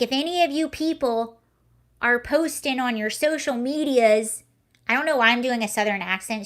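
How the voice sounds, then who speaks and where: A woman's voice: high voice, bright, forceful tone. A young woman hosting a casual livestream, talking in a chatty, rambling way and often correcting herself mid-sentence. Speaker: livestream host.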